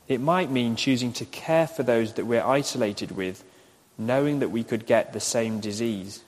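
A man preaching a recorded sermon, speaking slowly and repeating his questions for listeners to write down. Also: mid-range voice, darkish tone. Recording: echoey hall with long reverb.

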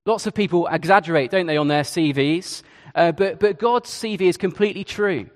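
A man's voice: high-pitched, a little fast, in a large hall. A man preaching a sermon in a conversational way, with hesitations and asides. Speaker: Church of England preacher.

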